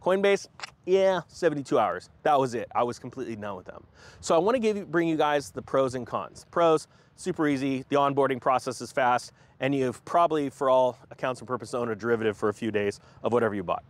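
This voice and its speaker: A man hosting a casual crypto finance vlog, talking in an animated, jokey way and sometimes mocking companies in put-on voices. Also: mid-range voice, quick pace. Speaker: host of a crypto finance channel.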